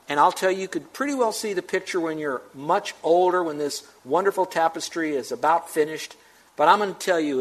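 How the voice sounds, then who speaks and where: A man's voice: fairly high pitch, poor audio. A man preaching a sermon to his congregation as pastor, emphatic and rising to urgent questions.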